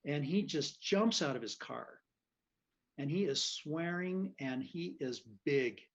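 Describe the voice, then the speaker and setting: Man guest, lively storyteller who laughs a lot; muffled lo-fi audio. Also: fairly high pitch, slow. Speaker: physician guest. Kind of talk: casual storytelling.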